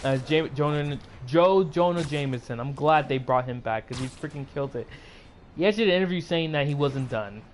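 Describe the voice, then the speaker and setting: A man giving a casual, excitable movie recap on his channel, rambling with lots of fillers and restarts. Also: a little high, fairly quick, slight background noise. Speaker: YouTuber.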